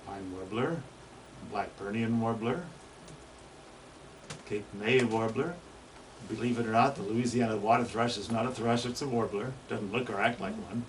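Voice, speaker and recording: A man's voice: lowish voice, moderate pace, long pauses, slight background noise. A man giving an informal slide presentation on birds to an audience, chatting, asking them questions and imitating bird songs in words. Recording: distant mic with loud bird recordings playing.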